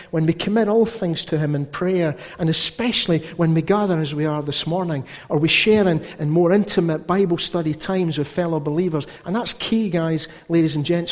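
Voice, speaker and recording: A man's voice: on the high side, darkish tone. A man preaching a sermon as pastor, telling stories with asides. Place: church hall. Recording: dull sound with long hall reverb.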